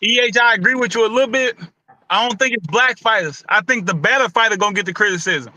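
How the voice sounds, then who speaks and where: A man's voice: sits high, fast, bright, forceful tone, rough recording. A man hosting a casual boxing talk show, loose and opinionated, with a lot of slang and repeated words. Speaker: boxing podcast host.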